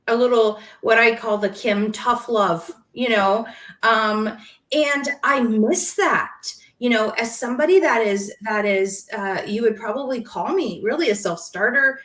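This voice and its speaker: Woman guest chatting, kinda high voice, emotional and animated, echoey room sound. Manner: emotional and animated, quick to laugh. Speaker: podcast guest. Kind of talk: casual conversation.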